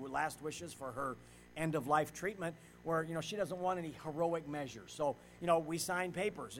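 Middle-aged male pastor, high-pitched; delivers a sermon, loud at times, quiet at others. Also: slight background noise, poor audio. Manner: swings between loud preaching and quiet storytelling.

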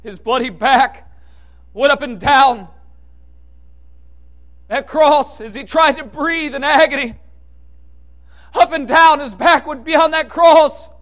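A man preaching a sermon with impassioned delivery, dropping to hushed tones and then rising to shouted peaks. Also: very high voice.

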